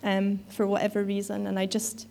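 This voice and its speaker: A woman's voice: mid-range voice, monotone, moderate pace, vocal fry, warm tone, slight background noise. A woman giving a sermon in a conversational way, with frequent fillers and restarts. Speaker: preacher.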